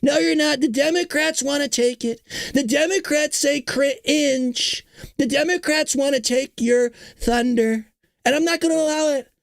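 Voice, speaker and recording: A man in his thirties hosting a casual political commentary show, excitable and hyped up, laughing often and teasing his chat. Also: extremely high pitch, unhurried, gravelly, no echo. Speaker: show host.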